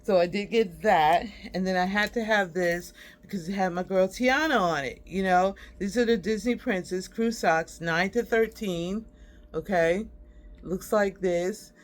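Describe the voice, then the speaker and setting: A woman's voice: mid-range voice, measured pace. Chatty woman showing off a haul. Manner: chatty and warm, addresses viewers as y'all, laughs often. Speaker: host. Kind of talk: casual haul vlog chat.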